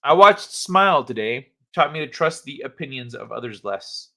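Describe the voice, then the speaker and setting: Young guy streamer, bright voice, reads news and chat, swears a lot, super casual. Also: medium pitch, lively intonation, moderate pace. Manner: chatty, swears casually, reads articles with asides. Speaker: livestream host.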